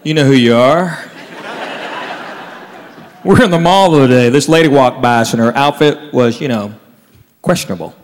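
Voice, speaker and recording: A man doing a stand-up set, telling stories with animated impressions. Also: mid-range voice, normal speed, long pauses, in a large hall. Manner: Southern storytelling, animated impressions. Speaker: stand-up comedian.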